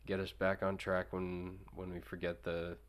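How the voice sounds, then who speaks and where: A man co-hosting a casual chat, talking haltingly with many fillers. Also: low voice, completely flat delivery. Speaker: co-host.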